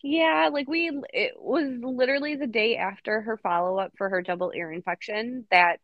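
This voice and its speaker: A woman's voice: a little high, moderate pace, no echo, muffled recording. A young woman co-hosting a casual podcast, blunt and profane, with mock outrage. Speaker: podcast co-host. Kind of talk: casual chat.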